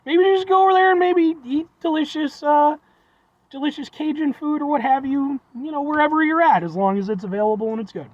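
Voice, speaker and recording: Speaking a little fast in a very high voice, a young man rambles through a folksy food review for his vlog. He often calls viewers "folks," exaggerates for fun and is self-deprecating. The recording is dry, dull and lo-fi.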